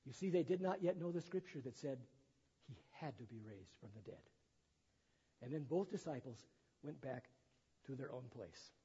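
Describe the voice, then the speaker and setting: This pastor's medium-pitched voice is mellow and a bit breathy, with lively intonation, a normal speed, and long pauses. Preaching in a church sanctuary, he reads the gospel and explains it in everyday words with chatty side comments, recorded dully amid long echo.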